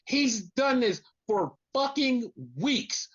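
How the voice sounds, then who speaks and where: A podcast co-host rants in casual conversation, swearing constantly and getting more worked up as they go. Their pitch jumps around with a lot of animation. The audio is dull and lo-fi. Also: slow pace, few pauses. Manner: animated, profane ranting. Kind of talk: casual wrestling podcast chat.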